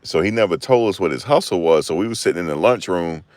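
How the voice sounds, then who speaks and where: A man tells casual stories in a very low, deep voice, slipping into acted-out quotes and slang. He is recorded close on a desk microphone with a dry, dead sound. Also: lively intonation, fast, a little mellow, no room sound. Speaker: channel host. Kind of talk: casual storytelling commentary.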